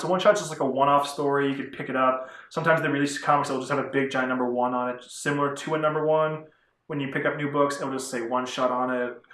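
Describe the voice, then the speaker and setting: A man's voice: mid-range voice, a bit bright. A man rambling through a casual vlog review of comic books, chatty and often correcting himself. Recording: roomy echo.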